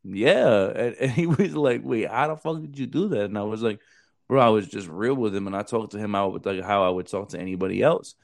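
A man in his thirties hosts a podcast and tells stories from his recruiting days. His low voice stays casual, blunt and full of swearing. He throws "bro" into nearly every line. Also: a little fast, vocal fry. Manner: blunt, profane, says bro a lot. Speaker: podcast host, former Marine recruiter. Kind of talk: casual storytelling chat.

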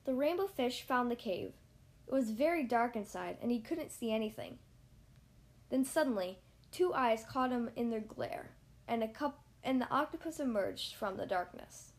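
A woman with a high, bright-pitched voice reads a children's picture book aloud for her podcast. Her reading is lively and expressive. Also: normal speed. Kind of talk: storybook read-aloud.

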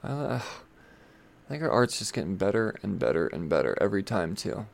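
Gravelly, animated man chatting about comics. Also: sits low, normal speed. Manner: rambling, chatty and irreverent, with frequent swearing and asides. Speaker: comic book video host. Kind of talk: casual commentary on upcoming comics.

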